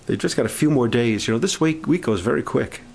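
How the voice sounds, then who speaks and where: A man preaching to a prayer meeting in an unhurried, plain voice, often stopping and restarting his phrases. His voice is middle-pitched, and at times it lifts with rising fervor. A faint noise sits behind him. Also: lively intonation, creaky, a little mellow, rough recording. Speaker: minister leading a prayer meeting. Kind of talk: informal sermon and prayer request talk. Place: camp meeting room.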